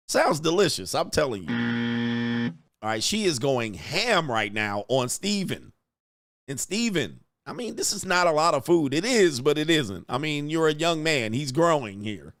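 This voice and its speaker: A man's voice: on the high side, animated, measured pace, fairly bright tone, no echo, studio quality. A man hosting a reaction show, joking and laughing in loose slangy talk. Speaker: host reacting to videos. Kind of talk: casual reaction commentary.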